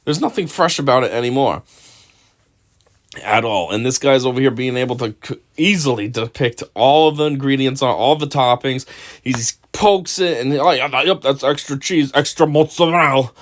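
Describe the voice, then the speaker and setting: A man's voice: medium pitch, expressive, normal speed. A man giving casual video commentary, rambling with lots of fillers and frequent chuckles.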